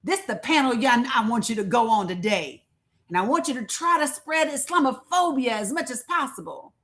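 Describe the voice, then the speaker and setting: A woman's voice: on the high side, animated, normal speed, fairly bright tone. A woman hosting a live stream, chatting casually with her viewers and laughing often as she talks to them directly. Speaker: livestream host.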